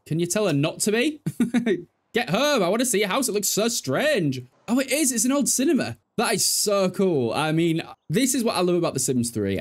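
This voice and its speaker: A young man commenting on his own video game play, joking and chatty, swinging from excited outbursts to low mutters. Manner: chatty, jokey, quick swings between loud excitement and mutters. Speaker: gaming YouTuber.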